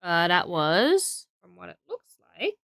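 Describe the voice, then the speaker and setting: A woman's voice: fairly low pitch, very animated, slow pace, a bit bright, smooth, no room sound, studio quality. A young Australian woman streaming casually, tired and rambling as she thinks aloud while building.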